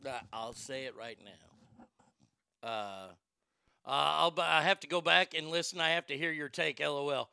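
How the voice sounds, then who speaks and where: A man's voice: a little high, measured pace, creaky, sharp tone, smooth, no room sound, clean studio sound. A man hosting a talk show in casual chat, blunt and profane, rambling with frequent restarts. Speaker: podcast host.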